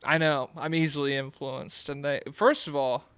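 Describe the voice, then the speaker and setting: A man's voice: a little high, steady tone, moderate pace, a bit bright, clean tone, no room sound. A young man co-hosting a podcast, chatting casually in a rambling, laid-back way, swearing and giggling often. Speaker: podcast co-host. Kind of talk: casual chat.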